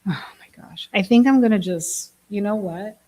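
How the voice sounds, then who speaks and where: Chatty, breathy woman from Germany. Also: medium pitch, normal speed, dark tone, poor audio. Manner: chatty, laughs often, self-mocking. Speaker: vlogger, app builder. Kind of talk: casual chat to camera.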